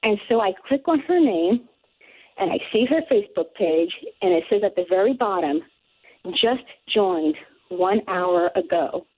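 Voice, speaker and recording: A woman calling in to a radio show and telling a story with excited, breathless energy. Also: mid-range voice, moderate pace, husky. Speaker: caller. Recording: tinny phone line.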